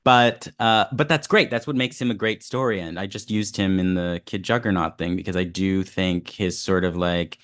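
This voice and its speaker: A man's voice: deep voice, steady tone, normal speed, few pauses, a bit bright. A man chatting on a podcast, thoughtful and wry, often laughing as he talks. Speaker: podcast co-host. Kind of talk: casual chat.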